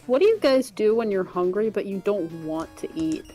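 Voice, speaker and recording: A woman chatting casually with friends during a game stream, relaxed and hesitant. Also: mid-range voice, moderate pace, faint music behind. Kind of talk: casual gameplay chat.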